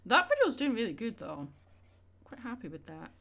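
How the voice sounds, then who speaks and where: A woman's voice: a little high, wildly swooping pitch, moderate pace, vocal fry, a bit bright. A young woman chatting casually with her viewers during a drawing livestream, rambling and answering questions as she goes. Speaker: art streamer.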